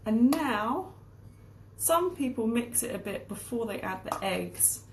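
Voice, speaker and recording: A woman's voice: fairly high pitch, animated, takes it slowly, a little hiss or hum. Lady teaching english while baking, chatty, kitchen echo and clanky bowls in the back. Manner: chatty, explains word meanings as she works. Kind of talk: casual cooking demonstration lesson. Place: home kitchen.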